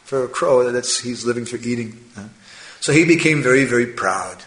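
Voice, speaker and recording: A man telling a moral fable as part of a religious talk, animated, with frequent tag questions and chuckling asides. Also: medium pitch, moderate pace. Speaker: religious storyteller. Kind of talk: sermon storytelling. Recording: echoey room.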